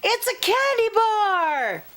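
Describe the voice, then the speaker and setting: A woman's voice: high voice, very animated, slow pace, sharp tone, pitched above the performer's own voice, full character voice. A woman voicing an eager, impatient little girl in a picture-book story, insistent and whiny.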